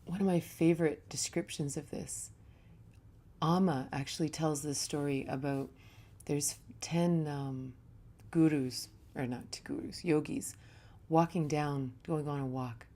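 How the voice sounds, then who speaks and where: A woman yoga teacher speaks in a low, warm voice with no bright edge. She gives a reflective spiritual talk in a relaxed, conversational way, telling stories as she teaches. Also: unhurried.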